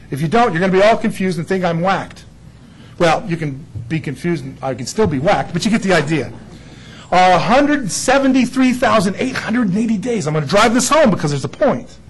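A man preaching a Bible sermon in an animated, jokey way, acting out the figures he quotes. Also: high-pitched, husky, low-quality recording.

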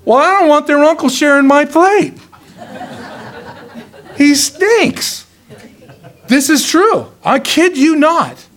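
A middle-aged man preaching a sermon, sarcastic and full of rhetorical questions, swinging from loud bursts to hushed asides. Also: very high-pitched, lively intonation, slow pace, long pauses.

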